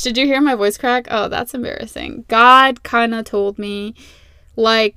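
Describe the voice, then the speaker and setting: A young woman hosting a casual faith podcast from her closet, chatty and animated, repeating herself and laughing at herself. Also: on the high side, unhurried, clear, resonant tone, no room sound, studio quality. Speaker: podcast host. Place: small closet. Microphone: close podcast mic.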